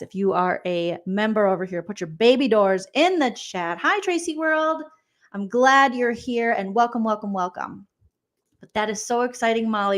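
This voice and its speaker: A woman's voice: on the high side, a bit bright. A woman comedian hosting a casual live stream, chatty and exclamatory as she reads viewer comments aloud. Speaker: pop culture comedian host.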